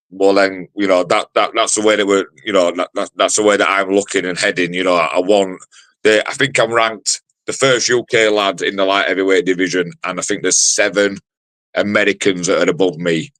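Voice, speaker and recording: Brash man in his forties, very low voice, dry close sound, swaggering fight talk. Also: a bit bright, dry recording. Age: 40s. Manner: brash, sweary trash talk with many fillers. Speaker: bare-knuckle fighter. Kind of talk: fight promo interview.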